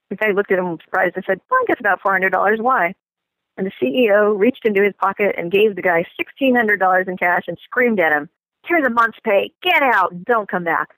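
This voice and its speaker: A female community leader tells an office story in a friendly, easy way. Her voice sits at a mid pitch. The sound is dry and close. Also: a bit bright, no echo, low-quality recording. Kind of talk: telling a story.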